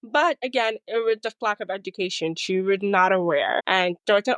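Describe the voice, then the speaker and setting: Guest woman, mid pitch, animated storyteller who acts out quotes and says "like" a lot, close dry mic. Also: normal speed, no echo. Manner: says "like" and "you know" often. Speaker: guest, speaker and coach. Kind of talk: casual interview talk.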